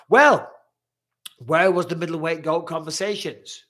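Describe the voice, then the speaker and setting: A middle-aged man hosts a live stream, reading viewer questions aloud and answering bluntly, swearing freely. His voice is fairly high, steady and a bit bright, at a measured pace.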